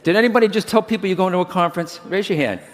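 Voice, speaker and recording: A man's voice: high-pitched, rapid-fire. A middle-aged man, a medium, gives a chatty conference talk and keeps checking in with the audience. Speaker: medium teaching a workshop. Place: large conference hall. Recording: long reverb of a big hall.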